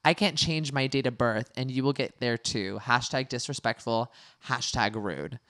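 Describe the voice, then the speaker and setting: A woman's voice: extremely low pitch, normal speed. Chatty woman telling stories, full of "like". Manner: animated storyteller, full of "like". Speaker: podcast co-host. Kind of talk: casual chat.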